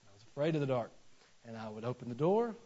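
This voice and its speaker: A man, preaching a sermon and telling stories with animated acted-out voices. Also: mid-range voice, fast. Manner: animated storytelling, acts out voices in anecdotes. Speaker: pastor. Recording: dull lo-fi sermon recording.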